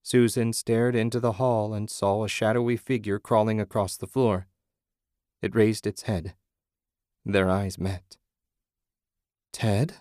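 A man narrating a story as an audiobook in a measured, dramatic way. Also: on the low side, little pitch movement, darkish tone, dry recording, studio quality.

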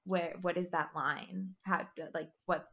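A woman's voice: lowish voice, fairly even intonation, slow pace, fairly bright tone. A woman who is a new manager, talking bluntly in casual chat and swearing freely.

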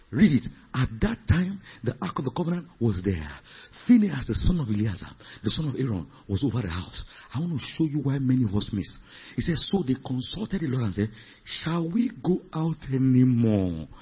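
A pastor preaching with a very husky, raspy voice that sits a little high and leaps widely in pitch. He moves from low murmurs to shouted climaxes and keeps asking the congregation questions. The recording sounds dull and lo-fi. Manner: emphatic, repetitive preaching with rhetorical questions. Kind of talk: sermon.

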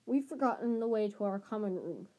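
A woman's voice: medium pitch, lively intonation, a little fast, mellow, close to an everyday voice. A woman voicing an eager teenage schoolboy in a storybook reading, speaking casually.

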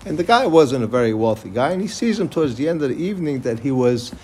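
A man's voice: mid-range voice, big pitch swings, fast talker, warm tone, slight background noise. A man giving a Torah class, casually retelling religious stories and mixing in Hebrew terms as he goes. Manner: loose storytelling with Hebrew terms and restarts. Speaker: Torah teacher.

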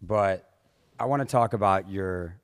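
A man hosting a podcast in relaxed, teasing casual chat. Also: low-pitched, measured pace, clean tone. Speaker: podcast host.

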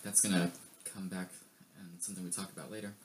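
A man's voice: low-pitched, little pitch movement, fast, slight background noise. A young man co-hosting a podcast, reading history facts in casual chat with joking, rambling asides. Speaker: podcast co-host.

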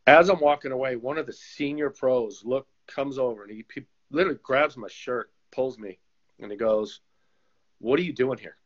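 A man, a former goalkeeper turned coach, telling animated stories in a casual interview and acting out the voices of people he quotes. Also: mid-range voice, normal speed. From United States. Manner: animated storyteller who acts out quoted voices. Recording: slightly dull lo-fi sound.

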